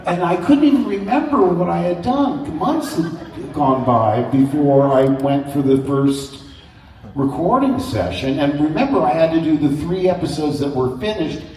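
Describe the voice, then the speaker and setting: A man speaking as a guest on a convention panel, telling stories in an animated way, acting out voices and laughing often. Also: on the high side, moderate pace. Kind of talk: anecdotal storytelling to an audience. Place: large convention hall. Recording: echoey hall from far off.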